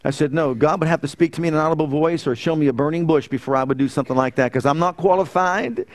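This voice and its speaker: Storytelling preacher man, loud then soft. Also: fairly high pitch, fast talker. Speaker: pastor. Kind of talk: sermon. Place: church.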